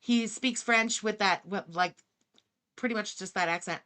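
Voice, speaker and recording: An English-speaking woman streamer reacts to another creator with blunt, sarcastic commentary, swearing freely. Her mid-range voice is bright, clean and forceful, at a moderate pace.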